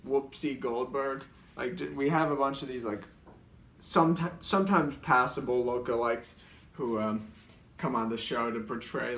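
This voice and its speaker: A comedy show co-host rambles through sketch stories, his mid-range voice fairly bright and full of filler words and restarts. He sits far from the mic in a roomy, echoing space, with a little hiss or hum underneath.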